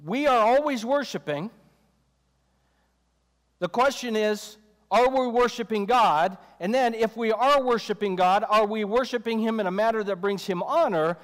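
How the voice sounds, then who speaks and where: A man with a high voice preaches a sermon in a relaxed, chatty way. He breaks into joking asides and acts out the voices he quotes. His voice rings out through a hall with a long reverb. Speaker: pastor.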